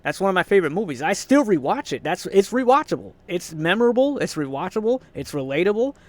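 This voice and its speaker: Young man, fed-up rant, swearing, slightly high voice, dry close mic. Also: very animated, quick pace, no room sound. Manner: frustrated, swearing, rambling with restarts and laughs. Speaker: vlogger. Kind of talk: casual ranting monologue.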